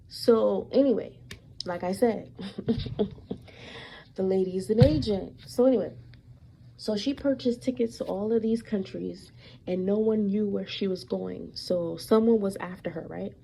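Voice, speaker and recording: A woman's voice: medium pitch, moderate pace, gravelly, warm tone, husky, poor audio. A young woman telling a long story about her mother in a casual monologue, emphatic and repetitive with many fillers and an accusing edge.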